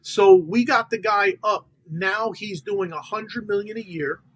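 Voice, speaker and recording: A man's voice: high-pitched, a little slow, husky, poor audio. A man, a podcast guest and funder, telling business stories in casual conversation and acting out the people he quotes. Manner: animated storyteller quoting others in dialogue. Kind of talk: casual storytelling interview.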